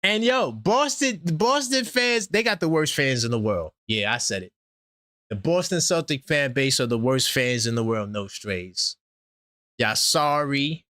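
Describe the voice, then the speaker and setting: A man hosting a casual sports fan stream, talking animatedly and trash-talking, swinging between loud outbursts and low asides. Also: lively intonation, measured pace, no echo, studio quality. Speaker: sports channel host.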